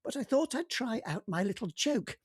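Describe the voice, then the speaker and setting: A man's voice: extremely high pitch, sing-song, moderate pace, breathy edge, no room sound, clean studio sound, pitched above the performer's own voice, full character voice. A man voicing a cheerful, chatty male alien abductor who is pleased with his own jokes. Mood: chirpy.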